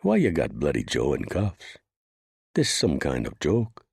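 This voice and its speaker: A man's voice: extremely low pitch, wildly swooping pitch, measured pace, gravelly, a little mellow, breathy edge, no echo, studio quality, exaggerated voice. A man voicing a big, brash male jail prisoner in an audiobook, mocking in tone.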